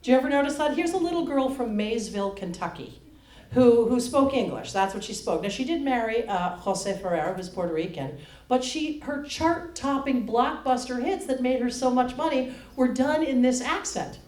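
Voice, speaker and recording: A woman cabaret singer chatting with the audience between songs in a public library performance space, telling an animated story with wry questions to the crowd. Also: a little high, normal speed, distant mic. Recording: echoey room, loud piano. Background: piano accompaniment.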